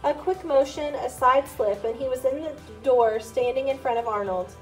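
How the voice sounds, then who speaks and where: A woman's voice: high voice, moderate pace, faint music behind, low-quality recording. A woman reading a chapter book aloud, narrating steadily in the first person. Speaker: reader. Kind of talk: storybook read-aloud.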